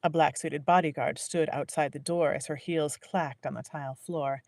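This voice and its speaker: A woman narrating a novel in a live audiobook reading, measured and willing to restart a line. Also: low voice, steady tone, darkish tone, no room sound, clean studio sound. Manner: measured, restarts lines to correct herself.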